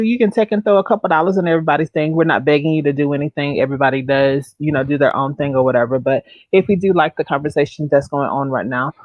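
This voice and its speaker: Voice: medium pitch, dry recording, lo-fi sound. The host of a casual livestream talk show, chatting loosely with guests and laughing often.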